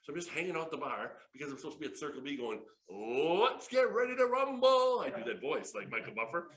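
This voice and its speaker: A man in his fifties presenting a sales workshop, an excitable, jokey storyteller who laughs often. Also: mid-range voice, very fast. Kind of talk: lively workshop talk with stories. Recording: echoey room.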